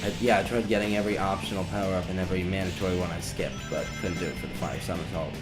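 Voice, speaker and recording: A man's voice: sits low, steady tone, very fast. A young man giving rambling, sarcastic commentary over a video game playthrough. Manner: rambling, wry, sarcastic asides. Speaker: let's play commentator. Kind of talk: casual gameplay commentary. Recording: game music playing behind. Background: video game music.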